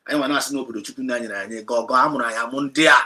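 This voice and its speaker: Nigerian man preaching with bright emphasis. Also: medium pitch, rapid-fire. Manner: mixes Igbo and English, rises to loud emphatic peaks. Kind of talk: sermon retelling a Bible story.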